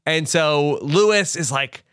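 A man's voice: on the high side, fairly bright tone, clear, resonant tone, dry recording, studio quality. A man hosting a casual TV recap podcast, joking and laughing as he recounts the plot with plenty of fillers. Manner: jokey, laughing, halting with fillers. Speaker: podcast host.

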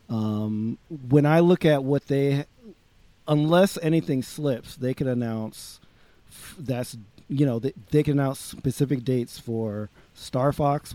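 A man's voice: medium pitch, dark tone, no room sound. A man talking casually on a podcast, rambling with many restarts and fillers as he lays out his thoughts. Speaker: podcast co-host.

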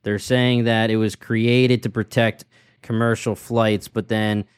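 A man's voice: on the low side, little pitch movement, a little slow, clear, resonant tone, dry recording, studio quality. A man co-hosting a podcast, chatting casually about a TV episode and hedging his explanations. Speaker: podcast co-host. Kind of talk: casual episode recap chat.

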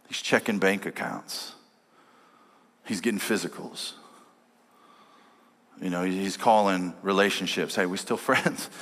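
A pastor with a low, slightly bright voice preaches unhurriedly, pausing often while he tells a story and quotes his family. The sermon is given in a church sanctuary, and the recording carries long church-hall reverb.

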